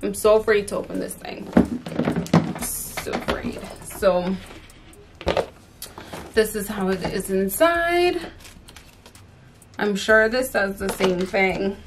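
A young woman talks through an unboxing in an unhurried, drawn-out way, with an exasperated, chatty manner full of "like" and "um". A faint hiss sits under her voice, with occasional clicks of handling. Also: medium pitch, lively intonation. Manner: chatty, exasperated, filler-heavy. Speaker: fashion vlogger. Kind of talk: casual unboxing chat.

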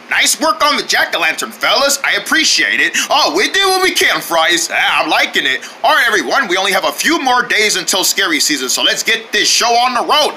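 A man's voice: high-pitched, sharp tone, slight background noise. A man voicing goofy cartoon characters in playful, sing-song banter.

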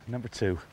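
A man presenting a fishing show outdoors on a riverbank, talking with admiring enthusiasm, half to himself. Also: a little mellow. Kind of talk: casual outdoor presenting to camera.

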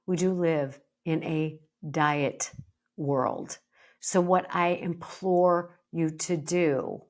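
Woman host, psychologist, slightly low voice, emphatic and fired up, breaks into mock quotes. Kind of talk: podcast monologue.

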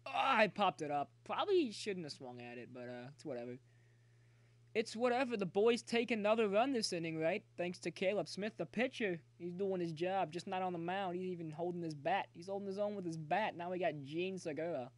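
A man's voice: sits high, brisk, no echo. A young man streaming a baseball video game, commenting live, cheering his players and chatting to his viewers. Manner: excitable, talks to chat, cheers players on. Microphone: phone.

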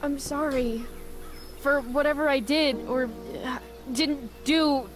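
A woman's voice: sits high, fairly even intonation, takes it slowly, faint music behind. An actress voicing a rebellious teenage girl, grieving her father, who talks bluntly and swears in a video game. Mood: pleading.

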